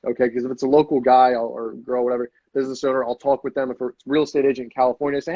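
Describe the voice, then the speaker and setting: A man chatting as a podcast guest, energetic and swearing freely, often acting out sales calls. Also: mid-range voice, very fast, hardly any pauses, no room sound, highs cut off. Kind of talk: casual podcast chat.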